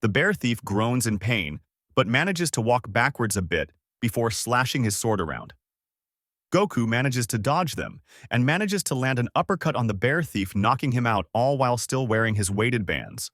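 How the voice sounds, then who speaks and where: A man narrating a fan-made story aloud in a plain, steady way. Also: mid-range voice, moderate pace, no room sound, studio quality. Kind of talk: reading fan fiction aloud.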